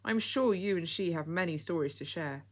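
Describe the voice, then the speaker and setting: A woman reading the lines of an earnest, excitable young boy in an audiobook story. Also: on the low side, moderate pace, lightly acted. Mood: eager. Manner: eager, earnest.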